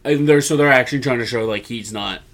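A man's voice: medium pitch, quick pace, fairly bright tone. A young man co-hosting a podcast, recapping events in casual chat and acting out other people's lines as he tells the story. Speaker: podcast co-host.

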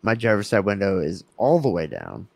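A man's voice: on the low side, wildly swooping pitch, moderate pace, vocal fry, darkish tone, no room sound. A young man on a podcast, telling a road trip story in casual chat, swearing and laughing as he acts out the people in it. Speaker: podcast co-host.

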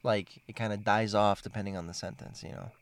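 A man's voice: lowish voice, little pitch movement, a little fast, slight background noise. A man interviewing a guest in casual conversation, candid and chatty.

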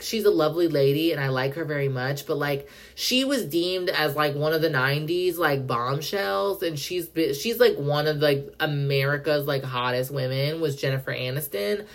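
A young woman hosting a podcast, ranting in a casual, profane monologue full of "like" and indignant outbursts. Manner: fast, profane, heavy use of "like", indignant; pitch jumps up when worked up. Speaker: podcast host.

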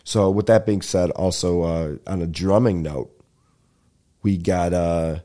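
A man hosting a podcast, rambling casually and excitedly with lots of swearing, his voice stuffed up and nasal. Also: low-pitched, slow. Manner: profane, excitable, breaks into bits of singing. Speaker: podcast host.

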